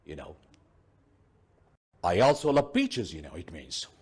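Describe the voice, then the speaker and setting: A male teacher, giving a deliberate televised grammar lesson and saying "you know" often. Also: deep voice, very animated, darkish tone, slightly rough. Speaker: English teacher. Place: TV studio.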